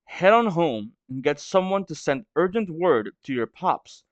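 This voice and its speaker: A man's voice: fairly high pitch, sing-song, unhurried, dry recording, highs cut off. A stuffy-nosed man reading out a commanding, menacing male pirate captain who gives curt orders. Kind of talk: reading a manga aloud.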